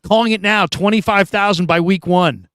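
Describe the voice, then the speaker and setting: A middle-aged man from California hosting a sports show, chatting casually through live comments and telling stories with animated quoted voices. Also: high voice, moderate pace, clean tone, no room sound, studio quality. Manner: animated storytelling, laughs often, acts out quoted voices.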